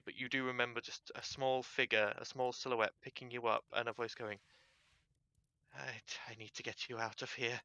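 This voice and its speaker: A man's voice: mid-range voice, pushed and bright, smooth, no echo, highs cut off. A man narrating as game master of a tabletop game, descriptive and chatty. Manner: descriptive, uses fillers.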